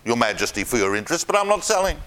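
Man playing a polite stubborn landowner, firm refusal, bright clear voice. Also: medium pitch, very animated, very fast.

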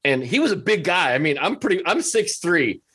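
A man's voice: sits high, a little fast, breathy edge. A man being interviewed on a podcast, telling stories casually and acting out the voices of the people he quotes. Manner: animated, acts out quoted voices. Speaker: restaurant coach, guest.

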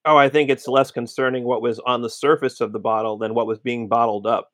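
A man's voice: medium pitch, level tone, brisk, fairly bright tone, dry recording. Guy breaking things down analytically, dry close sound. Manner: analytical, conversational. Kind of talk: podcast interview.

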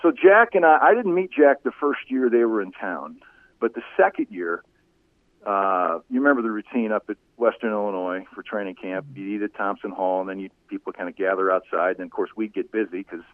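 Man, former radio broadcaster, animated storytelling, tinny phone-line sound, dry. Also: on the low side, fairly quick, no echo. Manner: animated anecdotes, voice rising when telling funny moments. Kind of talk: storytelling in a casual interview.

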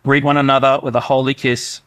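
A man's voice: medium pitch, little pitch movement, fairly quick, a bit bright, clean tone, no echo. A man preaching a sermon in a conversational way, sometimes acting out inner voices. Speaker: pastor.

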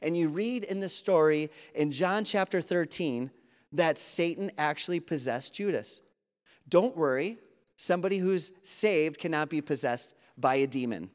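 A man's voice: a little high, unhurried. A man preaching an earnest, conversational sermon, acting out quoted dialogue as he goes. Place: church sanctuary. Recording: long hall reverb.

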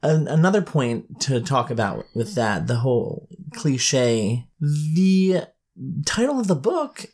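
A woman co-hosting a casual book review chat, dry and teasing, often agreeing with a quick mm-hmm. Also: rumbling low, big pitch swings, darkish tone. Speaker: podcast co-host, book reviewer.

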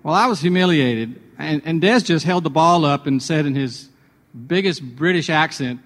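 A man's voice: fairly high pitch, normal speed, fairly bright tone. Reverberant man telling a devotional story. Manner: chatty, personal anecdotes building to a sermon point. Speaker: radio devotional host.

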